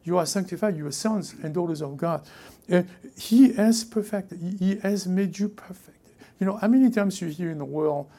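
Gravelly French-accented man preaching. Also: high-pitched, normal speed. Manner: emphatic, repeats key phrases, drops to hushed asides. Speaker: pastor. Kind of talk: sermon.

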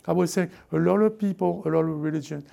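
A man delivers a sermon with a gravelly, mellow tone. His preaching is fervent and repetitive, built on call-and-response. He swings from loud urging to hushed asides. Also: a little high, steady tone, fast.

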